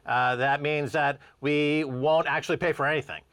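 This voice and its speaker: A man co-hosting a talk show, ranting sarcastically in animated commentary. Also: a little high, normal speed, no room sound. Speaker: co-host.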